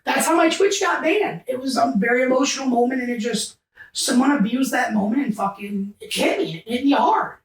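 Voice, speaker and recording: A man as a podcast guest in an emotional, heated rant, cursing and often shouting, choked up close to tears. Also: very high voice, fairly quick, recorded from a distance. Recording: roomy sound, set back from the mic.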